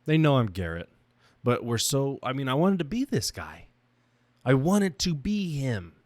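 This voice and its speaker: This podcast host is a young man whose mid-range voice swings widely in pitch at a measured pace. Recorded dry, he talks about himself in a reflective, emotional monologue that keeps stopping and starting again.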